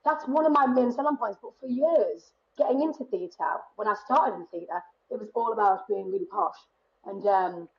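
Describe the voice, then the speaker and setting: A woman's voice: mid-range voice, moderate pace, highs cut off. A woman in her late thirties with a northeast English accent, chatting animatedly as a guest and laughing often. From northeast England. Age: 30s. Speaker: guest performer. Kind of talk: casual chat.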